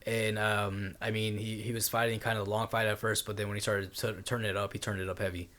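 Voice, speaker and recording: A man's voice: lowish voice, little pitch movement, fast, a bit bright. A man co-hosting a podcast, talking casually and rambling with lots of fillers. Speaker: podcast co-host. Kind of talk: casual chat about boxing.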